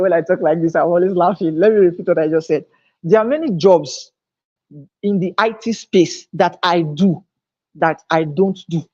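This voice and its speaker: Male teacher, husky voice, emphatic and repetitive, dull-sounding live-stream recording. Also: high voice, a little mellow. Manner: emphatic, repeats key phrases. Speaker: online teacher. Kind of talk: live online lecture. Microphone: own microphone, recorded on camera.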